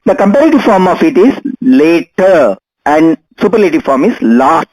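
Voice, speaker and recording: A man teaching an English grammar lesson, speaking slowly and deliberately, spelling out letters and repeating each example word. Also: on the high side, sing-song, darkish tone, dry recording, poor audio.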